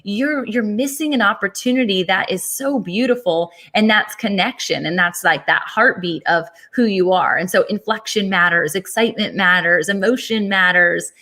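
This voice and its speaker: A woman with a mid-range voice hosts a casual interview, speaking with eager, emphatic energy. She presses on her points with warmth and excitement. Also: mid-range voice, moderate pace, few pauses. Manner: enthusiastic, emphatic. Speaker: podcast host.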